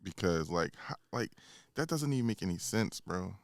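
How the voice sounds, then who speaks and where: A man's voice: sits low, lively intonation, moderate pace, no room sound, studio quality. Man arguing point by point. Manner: argues point by point, laughs often. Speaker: podcast co-host. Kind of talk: casual podcast chat.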